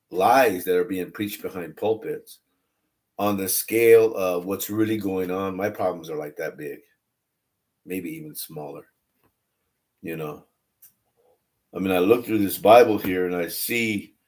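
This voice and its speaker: A man's voice: sits low, a little mellow. A man talking casually and candidly on a livestream about faith, rambling and restarting his phrases. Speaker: online religious streamer.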